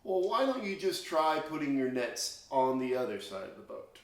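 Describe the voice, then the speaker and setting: A man's voice: medium pitch, big pitch swings, moderate pace. A man voicing Jesus as a friendly man calling out from a beach in a story for children. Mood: suggesting. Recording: echoey room.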